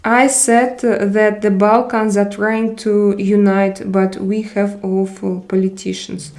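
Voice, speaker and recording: Reading comments aloud during a relaxed stream, the host talks slowly in a flat, darkish, medium-pitched voice. Hesitation marks her speech, with frequent pauses as she gropes for words.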